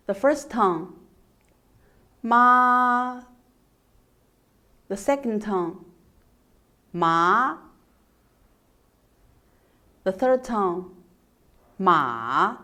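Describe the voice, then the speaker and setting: A woman with a Mandarin Chinese accent teaching an introductory language lesson, slowly and patiently demonstrating sounds and tones. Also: mid-range voice.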